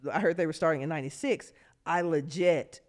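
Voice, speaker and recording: A lively woman in her fifties tells stories from her playing career in a relaxed interview. She talks with real animation, laughs easily and jumps into other people's voices as she quotes them. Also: sits low, fairly quick. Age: 50s. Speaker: guest, former pro basketball player. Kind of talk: casual interview storytelling.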